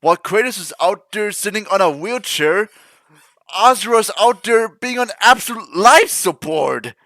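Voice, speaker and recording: A man's voice: high voice, expressive, unhurried, a bit bright, no echo. A man hosting a reaction video, chatting casually with jokes and rambling asides. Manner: rambling, joking, trails into mock-emotional mumbling.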